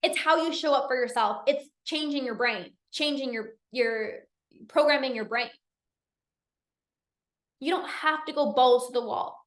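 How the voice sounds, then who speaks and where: A woman's voice: high voice, a little slow, reverberant. A woman coaching a live online masterclass, earnest and repetitive, laughing easily.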